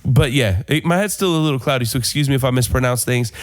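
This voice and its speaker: A man co-hosting a podcast, hoarse from a recent flu, telling stories in casual chat. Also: medium pitch, fast talker. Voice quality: gravelly. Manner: storytelling, joking. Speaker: podcast co-host.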